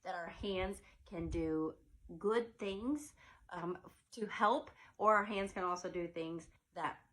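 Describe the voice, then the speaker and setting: Woman teacher, low voice. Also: takes it slowly, fairly bright tone, rough recording. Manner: playful, changes her voice for silly sung characters. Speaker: preschool teacher. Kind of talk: teaching demonstration with singing.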